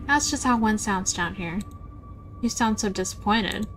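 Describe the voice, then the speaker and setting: A woman's voice: mid-range voice, lively intonation, unhurried, soft background music, lightly acted, low-quality recording. A woman voicing a cheerful young ghost hunter with a teasing, morbid humor, reading lines from a game. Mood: breezy. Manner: breezy, teasing.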